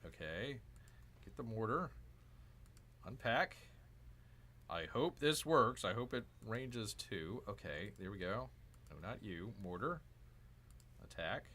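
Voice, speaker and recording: Guy narrating his strategy game, slow and chatty, voice jumps all over, cheers and grumbles. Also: lowish voice, lively intonation, a bit bright. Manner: chatty, talks to himself, cheers and groans at the game. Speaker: gaming channel host. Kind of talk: casual strategy game commentary.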